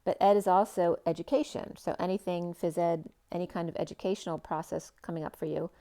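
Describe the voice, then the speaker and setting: A woman giving a spiritual tarot reading in a rambling, free-associating way, with many fillers and phrases that trail off, sometimes drawing words out slowly. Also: fairly low pitch, fairly even intonation, mellow. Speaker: tarot reader.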